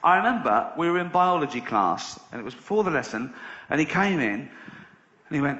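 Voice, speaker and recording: A man's voice: a little high, sing-song, normal speed, fairly bright tone. A middle-aged man from England doing a stand-up comedy routine, conversational and swearing freely, often laughing at his own jokes. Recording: echoey dull live venue recording.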